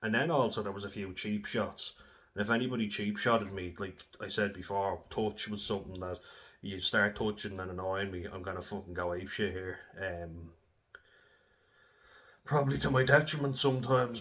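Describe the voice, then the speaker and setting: A man's voice: lowish voice, fairly even intonation, normal speed, a bit bright. A young man telling blunt, sweary stories in a casual way, often laughing as he talks. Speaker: former rugby player. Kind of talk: casual storytelling.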